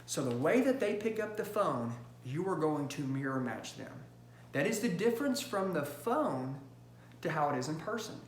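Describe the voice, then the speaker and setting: A man giving an energetic sales training talk, punchy and emphatic, often checking in with "okay?". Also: a little high, normal speed, reverberant, slight background noise.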